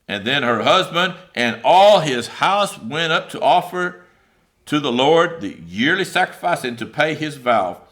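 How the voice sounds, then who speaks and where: A man delivers a sermon in a bright, forward voice. He speaks loosely and conversationally, with plenty of fillers, and reads scripture aloud before paraphrasing it. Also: a little high, unhurried. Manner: conversational, animated preaching with many fillers. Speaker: preacher.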